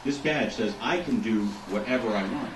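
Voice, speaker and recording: A man's voice: mid-range voice, moderate pace, noisy background, close to an everyday voice. A man putting on a bossy, self-important drug agent. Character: stern, arrogant male federal drug agent. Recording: echoey hall heard from a distance.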